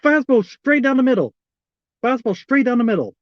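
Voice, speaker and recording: Guy doing live fan commentary, super high voice, exasperated and repeating himself, dry close mic. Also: expressive, moderate pace, dry recording, lo-fi sound. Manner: exasperated, repeats the same pleas over and over. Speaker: fan streaming a live baseball watch-along.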